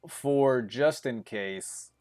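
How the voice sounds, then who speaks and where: A young man casting an esports tournament on his own, talking in a steady chatty stream. He rambles through plays with fillers and little chuckles, now and then speeding up into quick bursts. His voice sits at an ordinary middle pitch. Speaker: tournament caster. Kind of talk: solo esports commentary.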